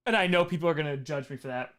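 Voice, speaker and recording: A man with a strained, hoarse voice, reading viewer questions aloud and joking at his own expense in a casual livestream Q&A. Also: a little high, very fast. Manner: animated, reads chat aloud, self-mocking jokes. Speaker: streamer answering viewer questions.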